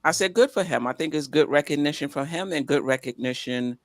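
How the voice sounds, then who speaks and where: A man's voice: on the high side, brisk, fairly bright tone, no room sound. A man with a mid-range voice talks plainly and steadily on a sports podcast, reading items off a list. The recording is dry, with no room sound. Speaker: podcast co-host. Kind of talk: casual sports chat.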